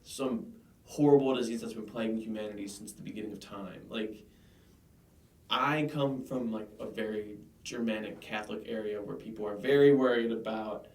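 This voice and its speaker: A man's voice: lowish voice, normal speed, a little mellow. A young man co-hosting a podcast who tells chatty, rambling stories and goes off on tangents. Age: young adult. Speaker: podcast co-host. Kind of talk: casual interview chat. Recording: echoey room, distant mic.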